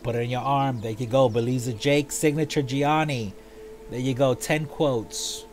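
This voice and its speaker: A man hosting a casual show, chatting playfully as he reviews event items, with quick asides. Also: medium pitch, steady tone, faint music behind. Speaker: show host.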